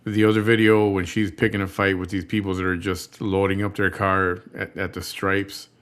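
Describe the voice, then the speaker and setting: A man's voice: sits low, little pitch movement, moderate pace, fairly bright tone. A man hosting a reaction show, commenting over a video with rambling, disgusted asides.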